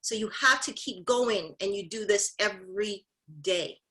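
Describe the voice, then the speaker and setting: Bright-voiced woman giving a rousing talk. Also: mid-range voice, measured pace, low-quality recording. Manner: emphatic, repeats phrases, addresses audience directly. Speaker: mentorship session speaker. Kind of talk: motivational talk.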